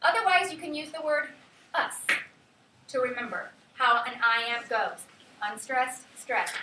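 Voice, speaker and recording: A woman's voice: high-pitched, animated, normal speed, sharp tone, a little hiss or hum. A woman teaching a class, sometimes calling words out in a sing-song way to show syllable stress. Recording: echoey classroom, mic far off.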